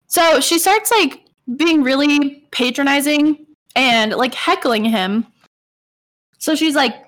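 Young female co-host, chatty storyteller, slightly high voice, lots of fillers. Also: normal speed. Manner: animated, quotes people with "I was like", frequent fillers. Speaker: podcast co-host. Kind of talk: casual storytelling chat.

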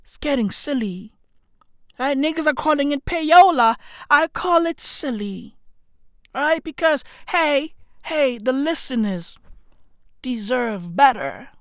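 Slow, swooping, profane comic ranter. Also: female voice, high voice, lively intonation, no room sound, studio quality. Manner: rambling, profane, keeps asking "right?"; slangy, calls listeners "bruv". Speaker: podcast host. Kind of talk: profane comedic rant.

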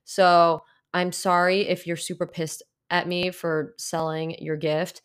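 Young female podcast host, casual late-night chat, apologetic, stumbles over her words, slightly low voice. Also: level tone, takes it slowly, clean tone. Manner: rambling and apologetic, stumbling restarts, lots of "like".

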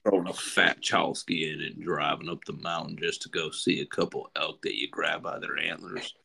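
A man putting on a deep drawling macho voice. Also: fairly even intonation, vocal fry, sharp tone, a little hiss or hum, heavily acted. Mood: mock macho. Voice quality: slow, low, drawling. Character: exaggerated deep manly radio voice, grown man.

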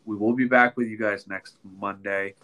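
Congested man with a low voice. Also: fairly even intonation, moderate pace, bright, forceful tone. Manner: rambling, with many ums and restarts. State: congested, nasal from a sinus infection. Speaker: podcast co-host. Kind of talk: casual chat.

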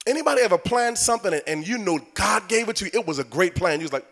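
A man preaching a sermon as bishop, telling a funny personal story to his congregation with asides and laughs, then building into shouted, fervent preaching. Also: sits high, expressive, fast, hardly any pauses. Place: church before a congregation.

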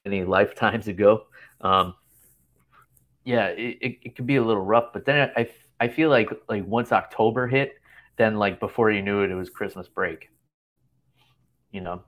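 A man's voice: fairly low pitch, a bit bright. A man in his thirties hosting a casual chat show from a hotel room, rambling and laughing often. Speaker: podcast host.

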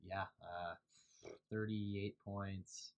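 A man's voice: low-pitched, little pitch movement, very slow, dull audio. A man co-hosting a casual sports podcast, joking and teasing in friendly banter. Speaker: podcast co-host.

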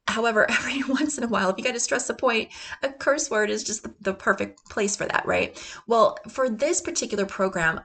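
A woman hosting a motivational podcast, talking with energy and laughing often, sometimes dropping into gruff chanted quotes. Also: mid-range voice, fairly bright tone. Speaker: podcast host.

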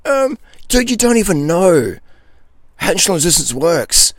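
A man's voice: on the high side, sing-song, normal speed, no room sound, studio quality. A middle-aged man, a nutrition coach, answering viewer questions in a blunt, ranting monologue and laughing between points.

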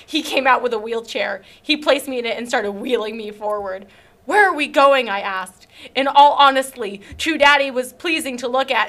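A woman's voice: fairly high pitch, pushed and bright. A young woman from Canada reading a silly fan story aloud, often breaking into laughter and chatting between lines. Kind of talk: casual dramatic reading with commentary.

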